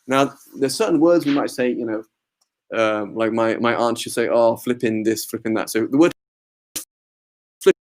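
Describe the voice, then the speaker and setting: A man's voice: medium pitch, moderate pace, pauses often. A man giving an informal religious class in a mosque, talking conversationally, often checking in with "right?" and mixing in Arabic religious terms. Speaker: religious teacher.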